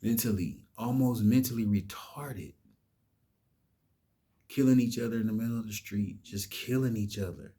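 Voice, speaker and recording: A man's voice: lowish voice, moderate pace, dark tone, husky. A man giving an impassioned, preachy vlog monologue, emphatic and cursing. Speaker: vlogger.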